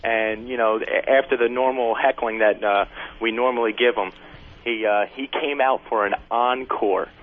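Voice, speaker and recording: A man's voice: mid-range voice, steady tone, moderate pace. Male caller on a radio show. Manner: chatty fan retelling a show. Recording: dull phone-in audio.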